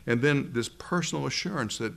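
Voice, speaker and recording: An earnest male preacher giving a sermon before a room full of listeners. He speaks at a middle pitch and leans hard on key phrases. He slows right down when he wants something to land. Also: vocal fry. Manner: earnest, emphatic, slows words for stress. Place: room with a live congregation.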